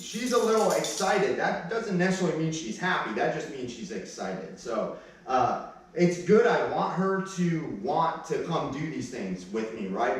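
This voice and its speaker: A man's voice: medium pitch, distant mic. Man dog trainer in an echoey room. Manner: plain-spoken, gives sharp short commands to a dog. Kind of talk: casual training demonstration.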